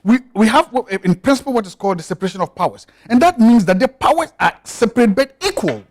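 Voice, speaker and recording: A man's voice: sits high, very animated, quick pace. A man, a studio guest on a television talk show who makes his points emphatically and insistently, often repeating them.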